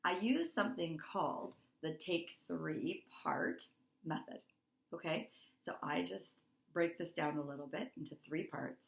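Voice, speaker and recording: A woman's voice: low-pitched, measured pace, vocal fry. Earnest woman coaching in an echoey room. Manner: earnest, heartfelt, repeats phrases for emphasis. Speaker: wellness coach. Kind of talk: motivational talk to course members.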